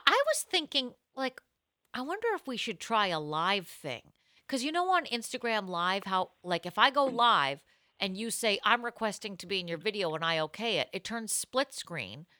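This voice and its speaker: A woman co-hosting a podcast in casual chat, chatty and animated and quick to laugh, recorded close on a podcast mic. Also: mid-range voice, no room sound. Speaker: podcast co-host.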